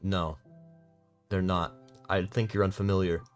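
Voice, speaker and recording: A young man streaming, teasing in casual, deadpan banter with mumbled asides. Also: sits low, a little slow, soft background music.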